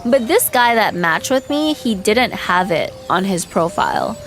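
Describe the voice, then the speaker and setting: A woman's voice: mid-range voice, very animated, measured pace, fairly bright tone, faint music behind. A young woman streamer telling a dating story in casual chat, gossipy and exasperated, peppered with "like". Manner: chatty, gossipy, lots of "like", laughs and exasperated outbursts. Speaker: vtuber streamer.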